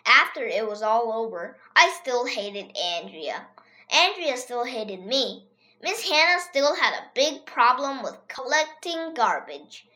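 A child reading a funny children's story aloud in a lively, expressive way. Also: medium pitch, slow. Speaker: reader.

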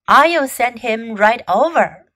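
Storybook role: a firm, matter-of-fact fox mom, slow and bright, read by a woman. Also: on the high side, lively intonation, heavily acted. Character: brisk no-nonsense fox mother.

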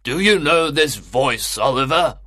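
A pompous, blustering parish officer, middle-aged and sure of himself, as a man puts him on. His voice is bright, husky and raised well above the reader's own, and he lectures slowly and loudly. It sounds like a storybook character read aloud. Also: medium pitch, animated, pitched above the performer's own voice. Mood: stern. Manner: loud and lecturing. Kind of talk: graded reader audiobook acting.

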